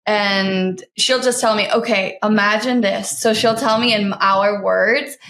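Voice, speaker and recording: A woman hosting a podcast, chatting casually with quick asides. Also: medium pitch, steady tone, a bit bright, echoey room. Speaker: podcast host. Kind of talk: casual chat.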